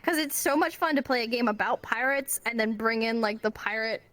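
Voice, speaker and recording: A woman guest chats easily on a casual interview stream and often laughs along. Her voice sits a little above the usual pitch for a woman. She talks freely and at length. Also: fairly quick, fairly bright tone, no room sound. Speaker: talk show guest.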